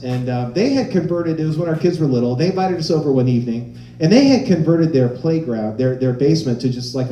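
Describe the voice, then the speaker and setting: Animated stand-up comic, mellow roomy voice. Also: male voice, fairly high pitch, slight background noise. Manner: animated storytelling, acting out quoted voices. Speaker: stand-up comedian. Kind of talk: stand-up comedy. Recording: roomy live-venue sound.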